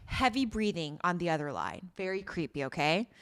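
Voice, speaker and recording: A woman's voice: on the low side, moderate pace, smooth. A woman co-hosting a podcast, recapping a drama in casual chat, acting out scenes and laughing often. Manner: expressive storyteller, acts out scenes, laughs often. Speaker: podcast co-host.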